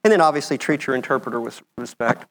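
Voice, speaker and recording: Middle-aged American man presenting slides; easygoing, chatty lecturer, mid-range pitch. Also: fast talker. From United States. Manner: conversational, checks in with "okay?". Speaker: medical mission speaker. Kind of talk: conference talk with slides.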